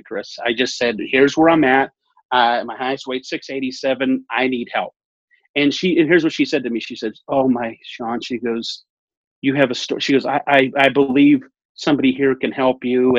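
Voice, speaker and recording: A man's voice: medium pitch, dry recording. A man in his thirties casually telling a personal story in an interview, acting out the dialogue with repeated phrases. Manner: animated, acts out quoted dialogue, repeats phrases. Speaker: guest telling his weight-loss story. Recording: muffled lo-fi audio.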